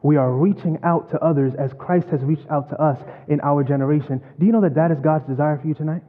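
A man preaching a sermon and telling a story, swinging from loud to hushed. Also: fairly high pitch, steady tone, quick pace. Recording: phone-like, long hall reverb.

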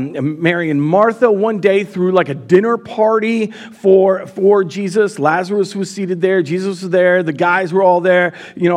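A man preaching a live sermon as pastor in a church, casual and chatty, with many fillers. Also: high voice.

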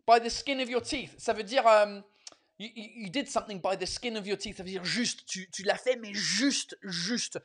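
This host talks with viewers in a mix of English and French, animated and swearing freely amid many fillers and restarts. He speaks fairly quickly in a high-pitched voice.

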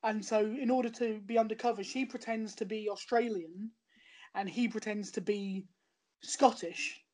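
A woman's voice: medium pitch, fairly even intonation, moderate pace, a little mellow. A woman chatting in a rambling way about a show she recommends, often restarting her sentences. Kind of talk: casual podcast chat.

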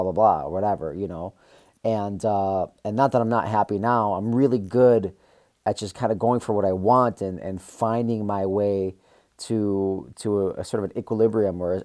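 Guy on a podcast going off on a swear-heavy ramble, lowish voice, warm and relaxed. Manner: profane, rambling, candid. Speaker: podcast host. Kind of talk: casual monologue rant.

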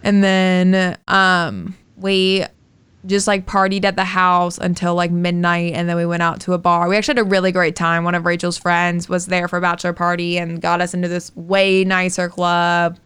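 A woman's voice: lowish voice, completely flat delivery, normal speed, fairly bright tone, smooth, no echo. A young woman co-hosting a podcast, telling a personal story in casual chat, candid and swearing freely. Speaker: podcast co-host.

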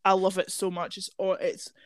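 A woman's voice: medium pitch, little pitch movement, normal speed, no room sound. A young woman, chatting casually as a podcast host, sweary and gushing, with long run-on rants. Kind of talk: casual chat.

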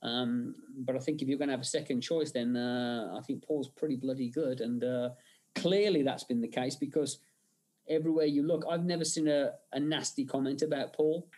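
Speaking at a moderate pace in a darkish, mid-range voice with fairly even intonation, a man rambles through long stories as an interview guest. He's a film director, and his talk is full of fillers and false starts in a conversational setting.

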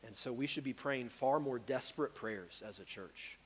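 A pastor preaching a sermon with earnest urgency, rising to loud pleas and dropping to hushed tones. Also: male voice, mid-range voice, normal speed, long reverb tail, a little hiss or hum. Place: church sanctuary.

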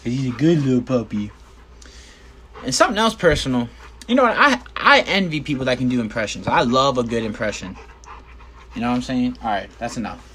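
A man's voice: medium pitch, lively intonation, fairly quick, a bit bright, a little hiss or hum. A man hosting a casual solo podcast from his bedroom, rambling and joking with plenty of swearing. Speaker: podcast host.

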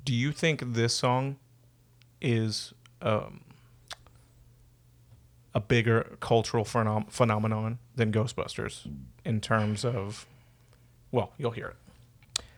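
A man's voice: mid-range voice, steady tone, slow pace, long pauses. Jokey man hosting a podcast. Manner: jokey, laughs often. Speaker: podcast host. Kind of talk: casual chat.

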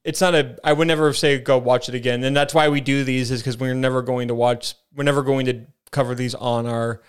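A man's voice: mid-range voice, steady tone, a little fast, smooth. A man co-hosting a podcast, chatting casually and enthusiastically about movies and often restarting his sentences. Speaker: podcast co-host.

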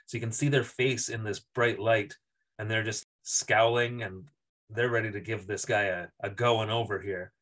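A man's voice: fairly low pitch, steady tone, moderate pace, fairly bright tone. A man co-hosting a podcast, recapping a TV episode in casual chat, acting out the characters' lines and laughing often. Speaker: podcast co-host.

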